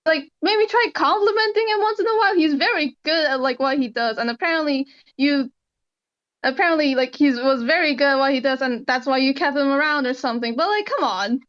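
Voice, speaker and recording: A woman's voice: expressive, a little slow, fairly bright tone, highs cut off. Woman playing an exasperated ghost toon. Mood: annoyed exasperated. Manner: exasperated, rambling, pitch rising. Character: annoyed ghost toon, blunt and outspoken.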